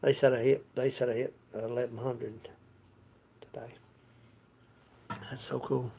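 A man's voice: mid-range voice, little pitch movement, a little slow, creaky, mellow, a little hiss or hum. A man hosting a live music stream, chatting with viewers between songs in a folksy, laughing way over his acoustic guitar. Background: his own acoustic guitar.

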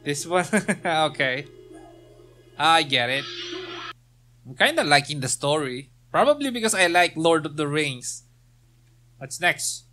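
A man casually commenting while playing a game, reading quest text aloud and joking with quick laughs. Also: fairly high pitch, lively intonation, bright, forceful tone, soft background music. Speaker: let's play gamer.

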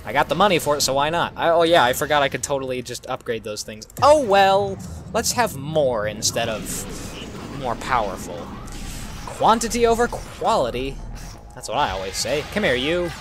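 Male gaming host, silly and hyper, very animated delivery over clear game music. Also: mid-range voice, moderate pace. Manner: excitable, goofy, makes silly sound effects. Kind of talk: playful gameplay commentary.

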